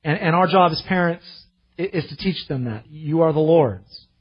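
A male pastor preaching a sermon, impassioned and slowing down to stress the scripture he reads, heard in a church. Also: on the high side, slightly rough, highs cut off. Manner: impassioned, slows to emphasize scripture.

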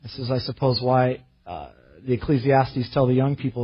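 Husky man preaching a fervent sermon. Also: mid-range voice, dull audio. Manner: impassioned, slows to emphasize scripture. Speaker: pastor.

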